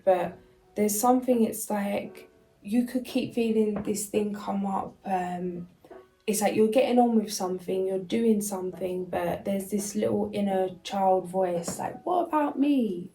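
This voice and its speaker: A woman's voice: mid-range voice, dark tone, poor audio. A woman doing a casual spiritual card reading, reading card messages aloud and then chatting loosely with fillers. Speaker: tarot and oracle card reader.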